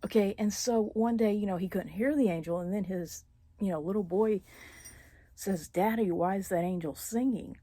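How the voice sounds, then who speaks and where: A woman vlogging about her feelings, halting with many fillers and dropping into whispers as she holds back tears. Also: mid-range voice, warm tone, no room sound. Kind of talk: personal confessional vlog.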